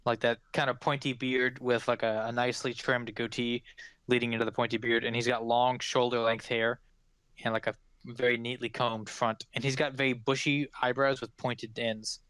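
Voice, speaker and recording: A man's voice: mid-range voice, little pitch movement, normal speed, fairly bright tone, clear, resonant tone, no room sound. Rambling game master man. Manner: loose and rambling, with many fillers. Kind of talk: narrating a tabletop game. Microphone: podcast microphone.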